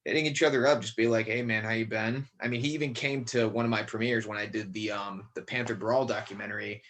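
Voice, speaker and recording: A man from Connecticut, guesting on a podcast, chats casually about acting and horror films in a fairly low, steady, slightly bright voice. He talks fast and rambles, full of fillers and restarts.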